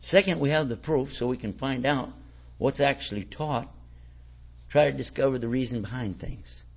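Male preacher, folksy and conversational, raspy edge, muffled lo-fi recording. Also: mid-range voice, normal speed. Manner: folksy, conversational, rhetorical questions. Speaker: Islamic preacher. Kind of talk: informal religious talk. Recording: lo-fi dull recording.

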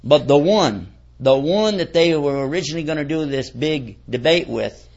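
Guy preaching, chatty and folksy, keeps asking the crowd stuff, voice a bit high. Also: expressive, normal speed, a little mellow. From United States. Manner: folksy, keeps quizzing the audience. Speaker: Islamic preacher. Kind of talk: conversational lecture to an audience. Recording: dull lo-fi recording.

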